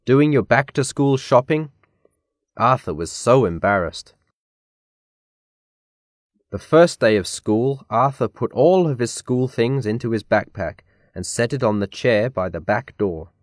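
A man reading a children's picture book aloud as narrator, slow and deliberate. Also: fairly low pitch, animated, no room sound, studio quality.

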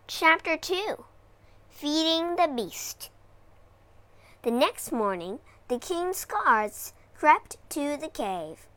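A woman narrating a children's storybook for English learners in a dramatic, expressive way. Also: high-pitched, drawn-out words.

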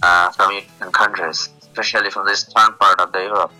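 Low-voiced Bangladeshi man on a call. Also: flat delivery, quick pace, sharp tone, poor audio. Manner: hesitant, many uh fillers. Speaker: guest, police officer. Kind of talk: casual interview over a video call. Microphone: internet call. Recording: compressed online call with faint music.

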